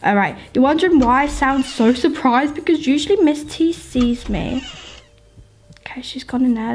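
A woman, a gaming YouTuber, chatting excitedly with viewers as she plays through a game, often talking to the game itself. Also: high-pitched, measured pace, slight background noise. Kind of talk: let's-play commentary.

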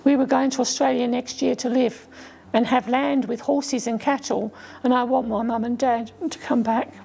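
A woman's voice: fairly high pitch, steady tone, normal speed, vocal fry, a little mellow, husky, full character voice, poor audio. A woman voicing a tearful young orphan girl in a storybook reading.

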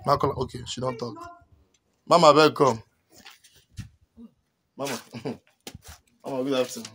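A man with a Nigerian accent leading a comedy skit, loudly ordering people around and scolding in mixed pidgin and English. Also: medium pitch, steady tone, unhurried, slightly rough. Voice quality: loud, commanding, repetitive scolding. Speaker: comedy skit host playing a concerned relative with police.

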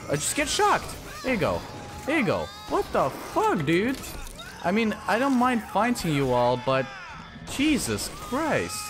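A man commenting while playing a shooter game, excitable and swearing, often yelling at enemies. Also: mid-range voice. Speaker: gaming channel host. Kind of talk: let's play commentary.

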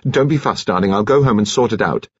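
A man's voice: lowish voice, fast talker, husky, no echo, muffled recording. A man voicing an earnest, impulsive young man in love in an audiobook, talking in an eager, insistent way. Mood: ardent.

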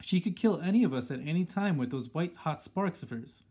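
A shrewd old grandmother, brisk and commanding, who can flare up with excitement, as a man reads her. Her voice has a husky edge and sits a little high.

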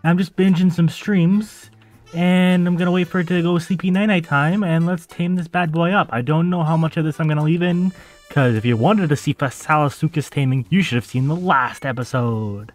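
Over soft background music, a man with a voice on the high side talks at a moderate pace. It's casual let's-play commentary from his own game channel, where he chats with viewers as he plays and gets fed up when things go badly.

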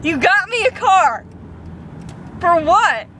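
Excitable, disbelieving woman; high, animated, unhurried delivery. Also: slight background noise. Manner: excitable, disbelieving, quick to laugh. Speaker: prank target. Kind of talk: casual chat.

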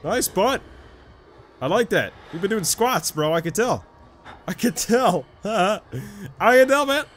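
A young man casually commenting on a horror game he is playing, joking around and getting excitable, close to his desk mic. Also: sits high, measured pace, long pauses, a little hiss or hum. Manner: jokey and excitable, shouting when chased. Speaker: gameplay commentator. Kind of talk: casual let's-play commentary.

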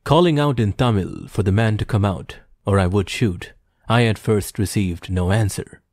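A man narrating an audiobook in a measured, formal storytelling manner. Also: fairly low pitch, a little mellow, no echo, clean studio sound. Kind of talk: scripted narration.

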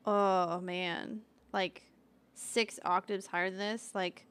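A young woman with a Canadian accent chatting loudly and animatedly while streaming a game, often laughing as she tells stories. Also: mid-range voice, slow pace, smooth. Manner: animated, loud, laughing storyteller. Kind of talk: casual gaming stream chat.

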